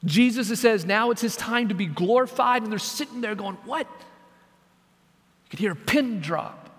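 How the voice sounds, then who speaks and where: Man, pastor, high voice, dramatic sermon, hushed then pleading, echoing church hall. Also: brisk, slightly rough. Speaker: senior pastor.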